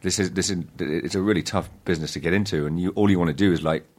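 Very deep-voiced actor. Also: male voice, fairly even intonation, a little mellow. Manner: halting, self-deprecating, many restarts and fillers. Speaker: actor and interview guest. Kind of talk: casual interview storytelling.

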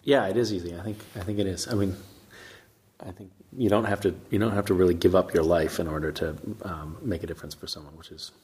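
A man's voice: deep voice, steady tone, fast talker, darkish tone. A man being interviewed as a guest, talking with a dry, wry sense of humor. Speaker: guest actor. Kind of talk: casual interview chat. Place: castle.

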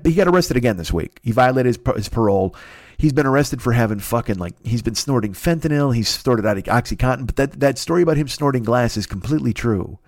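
A man's voice: darkish tone, dry recording. Profanity-heavy ranting man, dry sound. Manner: heavy swearing, ranting, incredulous; mocks others in a high whiny voice. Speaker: podcast host. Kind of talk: profane comedic rant.

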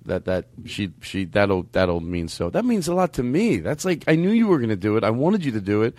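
An excitable man hosts a podcast and rambles, often restarting his sentences. His pitch swings widely. The room sounds dry. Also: a little fast, no room sound. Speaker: podcast host. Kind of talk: casual podcast chat.

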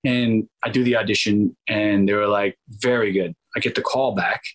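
A man's voice: on the low side, moderate pace, low-quality recording. A man guest on an interview, telling rambling stories in a casual way and acting out quoted dialogue. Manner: animated, acts out quoted dialogue; rambling with restarts and fillers. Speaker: guest actor.

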